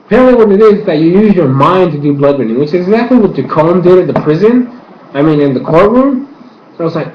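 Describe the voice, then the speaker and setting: A man casually reviewing a TV episode, rambling, with lots of filler swearing. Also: high voice. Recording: echoey room, muffled, faint hiss.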